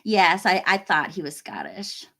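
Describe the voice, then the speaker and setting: A woman's voice: lowish voice, big pitch swings, a little slow, pushed and bright. A woman hosting a casual livestream, chatting with viewers and reading their comments, friendly and full of fillers and small laughs. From United States. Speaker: livestream host.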